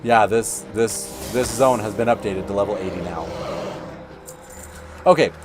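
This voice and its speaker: A man's voice: fairly low pitch, unhurried, music in the background. A man hosting a gaming channel, talking through gameplay in a rambling, chatty way. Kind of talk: casual gameplay commentary.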